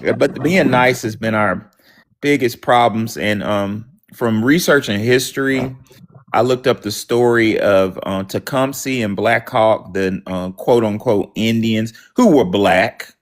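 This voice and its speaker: A man hosting a panel talk, speaking in a measured way with hesitant fillers. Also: lowish voice.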